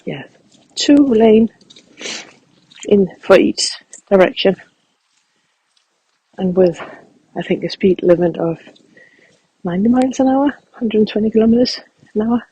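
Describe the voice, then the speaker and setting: A man speaking softly and reflectively as he guides a walking meditation outdoors in a field. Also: high voice, a little slow, pauses often, husky, dry recording, low-quality recording. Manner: calm, reflective, soft-spoken.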